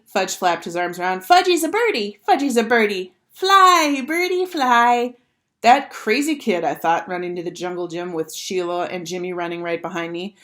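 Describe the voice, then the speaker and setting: A woman teacher reading a children's book aloud with expressive, animated narration. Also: on the low side.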